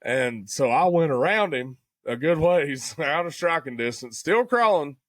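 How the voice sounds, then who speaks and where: A man's voice: fairly high pitch, expressive, unhurried, no room sound. Folksy man telling a story. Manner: folksy storyteller, says "buddy" and "dude" a lot. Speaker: podcast co-host. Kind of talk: casual hunting story chat.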